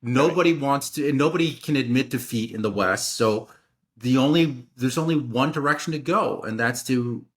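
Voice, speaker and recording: A man's voice: medium pitch, moderate pace. Earnest American man hosting a talk. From United States. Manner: earnest, restarting phrases. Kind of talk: casual political discussion.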